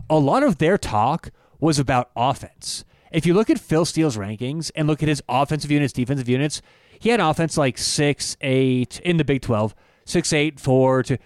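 Male podcast co-host, casual and chatty, works through numbers aloud; slightly high voice, dry sound. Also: no echo. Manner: rambling, self-correcting, lots of numbers. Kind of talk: casual sports betting talk.

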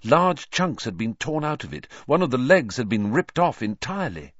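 A man reading a storybook aloud as narrator, with a dramatic, expressive delivery. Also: medium pitch, moderate pace, dry recording, muffled recording. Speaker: audiobook narrator.

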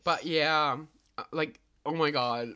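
A young woman co-hosting a casual podcast, giggly and teasing, with bursts of excitement. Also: sits low, takes it slowly, clean tone. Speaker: podcast co-host. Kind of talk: casual chat.

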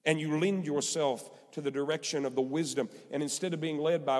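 A man's voice: on the high side, steady tone, fairly quick. A male pastor preaching a sermon, emphatic and repetitive, in a church sanctuary. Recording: long hall reverb.

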